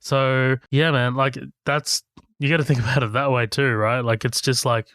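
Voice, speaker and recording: A man's voice: medium pitch, fairly even intonation, moderate pace, a bit bright, no echo. Dry-sounding man recapping a movie casually. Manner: loose and laughing, swears often, recaps scenes. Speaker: podcast co-host.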